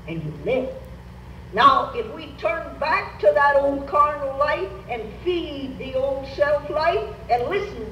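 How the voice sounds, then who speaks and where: A woman's voice: sits high, animated, unhurried, distant mic, dull audio. An older woman preaching a sermon as a Pentecostal Bible teacher, emphatic and urging the congregation to repeat after her. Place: church meeting. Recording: roomy church hall, recorded from afar, faint noise.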